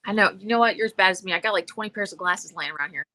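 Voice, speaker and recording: A woman in casual chat, quick-witted, laughing often and swearing. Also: medium pitch, sharp tone. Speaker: comedian guest.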